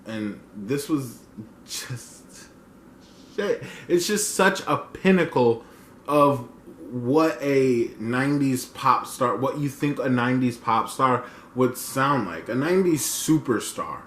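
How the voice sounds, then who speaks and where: A man in his twenties reviewing an album in a casual reaction, gushing and full of fillers, swinging between loud and soft. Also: medium pitch, lively intonation, takes it slowly. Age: 20s. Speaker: music reviewer. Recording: echoey room with faint noise.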